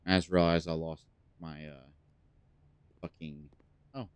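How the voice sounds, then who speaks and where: A man's voice: extremely low pitch, fairly even intonation, measured pace, clear, resonant tone, dry recording. A man casually commenting on a puzzle game as he plays, rambling with lots of fillers and the odd swear, sometimes dropping to a mutter. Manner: drops to a mutter when thinking aloud. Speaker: gaming channel host. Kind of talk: casual let's play commentary.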